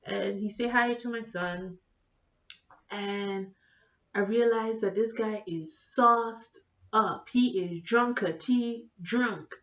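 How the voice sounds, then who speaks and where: A woman telling a comedic, profane story in an animated vlog style. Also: on the high side, muffled recording. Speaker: vlogger.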